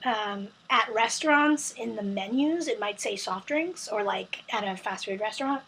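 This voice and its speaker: A woman's voice: medium pitch, normal speed, a bit bright, a little hiss or hum, rough recording. A young American woman, casually chatting and reading a word list for a vlog, with lots of ums and self-corrections. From United States. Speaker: vlogger.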